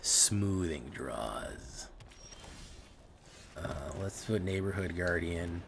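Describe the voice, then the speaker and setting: A man with a deep, low voice talks through a card game as he plays it, muttering card names and complaining about his luck, with plenty of swearing. Faint background noise sits under his voice. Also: expressive, extremely slow, vocal fry. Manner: profane, exasperated running commentary on his own plays. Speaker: streamer. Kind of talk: casual live gameplay commentary.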